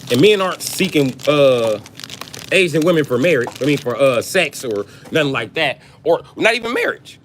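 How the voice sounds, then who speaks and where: A man's voice: fairly high pitch, sing-song, moderate pace, a little hiss or hum. A man in his forties from the United States, ranting on a livestream, blunt and cursing nonstop. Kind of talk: profane rant to a live stream.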